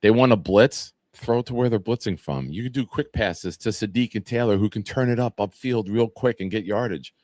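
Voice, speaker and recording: A man's voice: lowish voice, brisk, few pauses, darkish tone, no echo, clean studio sound. A man, hosting a sports talk show and chatting loosely, rambling through profane stories and fan comments. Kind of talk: casual live-stream chat reading fan comments.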